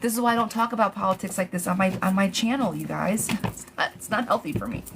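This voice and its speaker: A woman's voice: mid-range voice, fast talker, noisy background. Blunt, chatty woman reading tarot live. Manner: chatty, blunt, swears freely, calls viewers girl and love bug; gets riled up and rants, then calms herself. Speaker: tarot reader. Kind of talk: live-stream tarot reading, answering chat questions.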